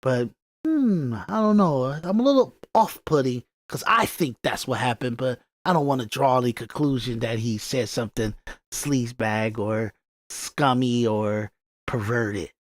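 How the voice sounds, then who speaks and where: A man from Detroit hosting a podcast, talking in animated, repetitive, emphatic commentary. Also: medium pitch, measured pace, no echo. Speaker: podcast host.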